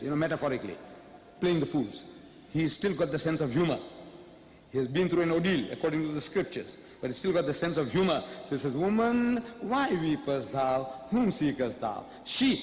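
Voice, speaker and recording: A man's voice: a little high, reverberant, big-room sound, a little hiss or hum. A man giving a public debate lecture, firing rhetorical questions at the audience with emphasis.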